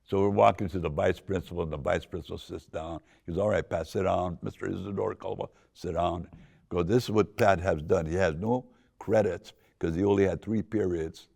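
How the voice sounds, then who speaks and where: An older man from Southern California, with a deep voice, casually telling a rambling personal story full of restarts. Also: fairly even intonation, fairly quick, darkish tone. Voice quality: deep gravelly voice. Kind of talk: casual spoken memoir.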